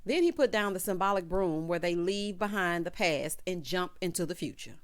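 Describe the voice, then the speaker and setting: Sassy, expressive woman recapping TV. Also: fairly low pitch, moderate pace. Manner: sassy, expressive, calls viewers child and honey. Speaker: reality show recap host. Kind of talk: casual recap commentary.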